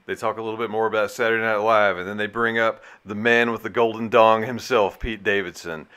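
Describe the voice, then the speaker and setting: Man co-host, deadpan jokes, somewhat low voice, casual commentary. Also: brisk, smooth. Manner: dry, deadpan humor.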